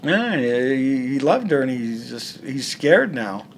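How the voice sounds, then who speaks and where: A man's voice: mid-range voice, big pitch swings, slow pace, a little hiss or hum. A man, a comic artist, talking bluntly and profanely in a casual interview, acting out quoted dialogue.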